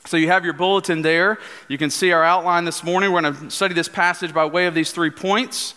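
A male pastor giving an earnest sermon in a church, at times slowing into a hushed prayer. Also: on the high side, fairly even intonation, smooth. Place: church sanctuary. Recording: church hall reverb.

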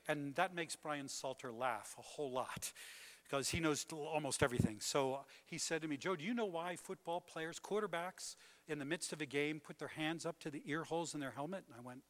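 An older man delivers a sermon, his voice moving from hushed and close to loud and declaring. His voice sits a little high for a man. The sound rings out with the long reverb of a large hall. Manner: dramatic swings from hushed to booming. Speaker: pastor.

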